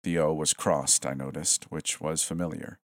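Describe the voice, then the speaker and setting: Deep-voiced man narrating a horror story. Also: normal speed, dry recording, studio quality. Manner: steady, tense storytelling.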